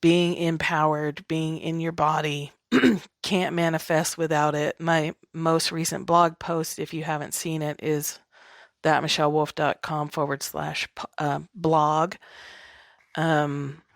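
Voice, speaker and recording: A woman's voice: deep voice, level tone, slow pace, vocal fry, no room sound, clean studio sound. A woman from the American South hosting her podcast, talking in a chatty, candid, self-deprecating way. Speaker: podcast host. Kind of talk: casual spiritual monologue.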